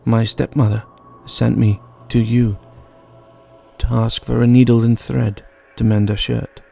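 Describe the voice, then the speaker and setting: A man's voice: mid-range voice, little pitch movement, a little slow, creaky, dark tone, soft background music. Natasha, a man voicing a brave little girl. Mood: polite. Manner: polite, hiding fear.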